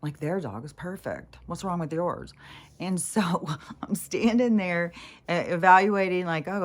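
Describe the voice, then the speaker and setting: A woman with a slightly low voice rambles through a casual vlog story. She laughs between sentences, swears freely, and slips into mocking voices when she quotes other people. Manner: chatty, laughing often, swearing, quoting people in put-on voices. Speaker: vlogger.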